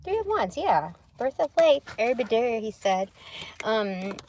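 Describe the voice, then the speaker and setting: A woman's voice: fairly high pitch, big pitch swings, unhurried, darkish tone, slight background noise. A young adult woman chatting casually on a spiritual livestream, rambling, laughing often and swearing lightly as she reads tarot cards.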